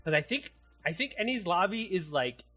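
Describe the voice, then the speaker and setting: A man hosting a casual podcast, recapping an anime in an animated, excitable way and swearing constantly. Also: high voice, normal speed, soft background music. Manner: animated, heavily profane, excitable. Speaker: podcast host.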